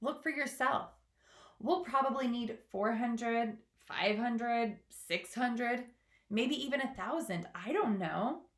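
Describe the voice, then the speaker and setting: A woman reading the lines of a young boy who speaks firmly and calmly, in an echoey room. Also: on the high side, slow pace, pitched above the performer's own voice. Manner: firm, calm, explaining. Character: brave determined young boy.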